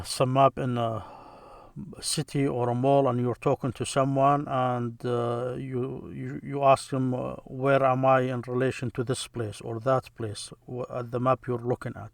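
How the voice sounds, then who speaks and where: A man teaching vocabulary as a language lesson, slow and halting, with many fillers, repeating words for practice. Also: mid-range voice, no room sound, clean studio sound.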